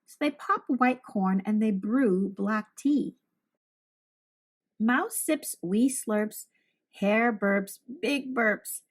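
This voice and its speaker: A woman teacher reads a children's picture book aloud, telling the story expressively. Her voice is on the high side, and she draws out her words.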